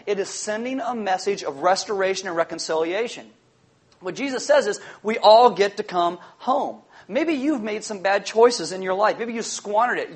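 A man with a notably high voice for a man preaches a sermon to his congregation. He speaks emphatically, repeating his main refrain and slowing to let key phrases land. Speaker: pastor.

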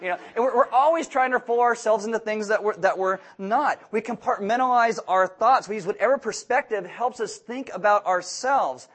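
Young guy pastor, pretty high voice, jokey sermon, does little voices for people he quotes. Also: moderate pace, few pauses. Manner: humorous, acts out quoted people in animated voices.

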